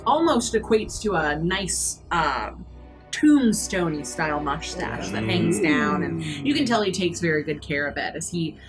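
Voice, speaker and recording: A woman's voice: on the low side, sing-song, a little slow, over music. A woman running a tabletop game as game master, narrating scenes, laughing often and swearing. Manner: laughs often, swears, restarts mid-sentence.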